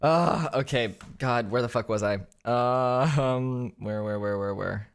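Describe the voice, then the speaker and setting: A man's voice: medium pitch, unhurried, vocal fry, clear, resonant tone. A tired young man in a hotel room, talking in a crude, joking vlog monologue and laughing often. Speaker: vlogger.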